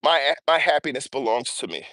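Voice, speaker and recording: A man's voice: medium pitch, moderate pace, dry recording, clean studio sound. A man hosting a motivational livestream while out on an early-morning walk, breathing audibly as he chats energetically with viewers. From US East Coast. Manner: energetic, chatty, greets viewers by name. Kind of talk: casual livestream chat while walking. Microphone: earbuds or small mic.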